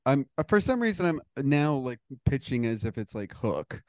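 A man's voice: mid-range voice, very animated, moderate pace, dry recording. A man casually riffing on a silly movie idea, laughing often and rambling loosely. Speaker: podcast co-host. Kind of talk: casual comedic brainstorming.

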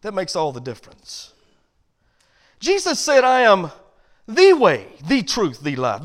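High-voiced preaching man. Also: huge pitch swings, a little slow. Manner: builds from low quiet passages to loud emphatic points. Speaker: pastor. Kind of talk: sermon.

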